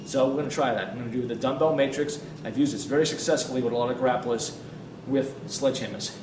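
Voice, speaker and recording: Man, energetic fitness coach, counts reps while working out, recorded from a distance in a noisy room. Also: mid-range voice, fast. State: out of breath at times. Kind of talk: demonstrating warm-up drills. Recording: roomy, distant mic with ambient noise.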